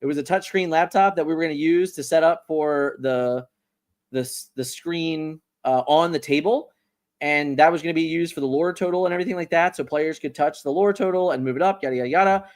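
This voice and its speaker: A man hosting a casual livestream, talking in a rambling, animated way and often repeating words as he restarts. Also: on the high side, brisk. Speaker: livestream host.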